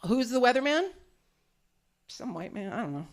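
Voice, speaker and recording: A woman comedian working a live stand-up set on a club stage, her voice sitting a little high. She is brash and profane, freely teasing people in the crowd between stories. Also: sing-song, moderate pace.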